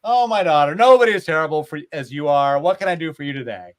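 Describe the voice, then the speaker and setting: A man voicing a gentle, doting old male high god who placates his daughter. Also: expressive, quick pace, natural voice. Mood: indulgent. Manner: soft, indulgent.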